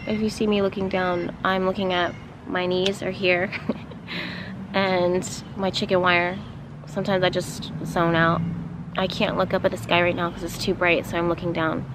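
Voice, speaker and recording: Lower-voiced woman giving a spiritual reading outdoors. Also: little pitch movement, moderate pace, background noise. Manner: meandering, with frequent fillers and soft laughs. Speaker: spiritual card reader. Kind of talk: casual channeled reading. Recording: outdoor ambience with passing vehicles. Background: outdoor ambience and vehicles.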